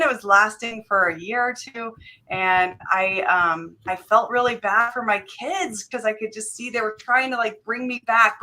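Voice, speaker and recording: A woman's voice: mid-range voice, pushed and bright. A woman guest author speaking earnestly in a casual radio interview, with frequent fillers and light laughs.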